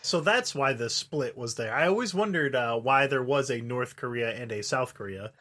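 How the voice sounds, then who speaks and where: A man's voice: medium pitch, lively intonation, moderate pace, pushed and bright. A man co-hosting a podcast, asking curious, wry questions in casual chat. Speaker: podcast co-host.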